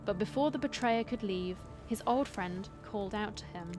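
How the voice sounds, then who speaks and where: Woman, streamer, dramatic game reading, wry asides, soft music underneath. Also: medium pitch, normal speed, hardly any pauses. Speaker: streamer playing a dating sim. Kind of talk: reading game text aloud with commentary.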